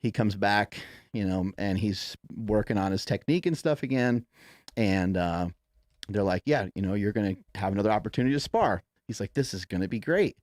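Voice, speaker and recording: Male host, low-pitched, dry close sound, loose profane storyteller who acts out the quotes. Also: lively intonation, fairly quick, a little mellow, no room sound. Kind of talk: casual storytelling chat.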